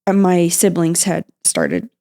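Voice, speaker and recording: Low-voiced woman telling a painful story. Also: sing-song, dark tone. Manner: halting, with frequent fillers and restarts. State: emotional, near tears at times. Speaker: podcast guest. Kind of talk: emotional personal storytelling.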